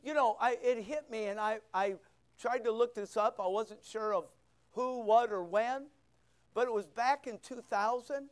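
Man, pastor, sermon, very high voice, smooth tone, asks questions, reads scripture. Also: unhurried.

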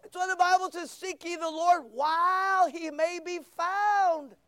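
A man's voice: very high voice, unhurried, dry recording, studio quality. A man preaching a sermon, reading scripture and acting out voices as he goes. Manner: animated preaching, acts out quoted voices. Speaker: pastor.

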